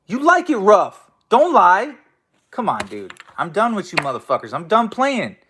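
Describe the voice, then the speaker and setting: A man with a noticeably high-pitched voice rants at his listeners as host of his own show. He swears constantly, talks in a confrontational tone and keeps stumbling into restarts. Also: huge pitch swings, normal speed, fairly bright tone, breathy edge. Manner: profane, confrontational, stammering restarts. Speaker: host of an online audio room show. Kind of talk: angry ranting monologue.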